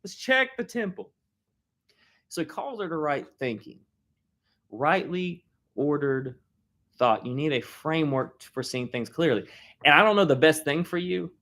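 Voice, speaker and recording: A man's voice: fairly high pitch, expressive, moderate pace, a bit bright. A man in his thirties, a pastor giving a sermon in a casual, slangy storytelling way. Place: church hall.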